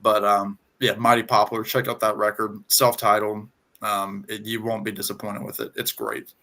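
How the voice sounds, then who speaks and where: A man with a Southern US twang, talking casually on a video call and pausing often with ums and restarts. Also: fairly low pitch, flat delivery, sharp tone. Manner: halting, many ums and restarts. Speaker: guest on music chat. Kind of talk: casual conversation.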